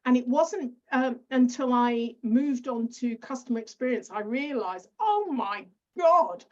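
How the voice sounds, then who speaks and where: A woman's voice: on the high side, a little slow, darkish tone. British woman podcast host, lo-fi. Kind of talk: podcast interview. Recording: dull lo-fi audio.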